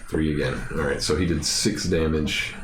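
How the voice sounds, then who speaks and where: Deep voiced guy running a tabletop game, laid back, swears a lot, roomy echo and hiss. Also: steady tone, normal speed. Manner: casual, swears, laughs often. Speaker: game master. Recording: roomy mic with background noise.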